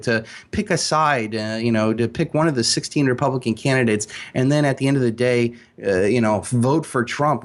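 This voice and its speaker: A man speaking as an interview guest, emphatic and animated, with frequent fillers and restarts. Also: medium pitch. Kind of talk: casual interview talk.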